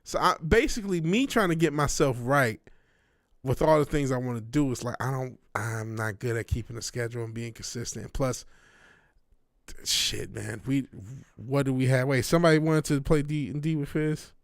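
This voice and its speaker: A man's voice: mid-range voice, normal speed, no room sound, clean studio sound. A young man streaming late at night, chatting casually in a rambling way, restarting his sentences often.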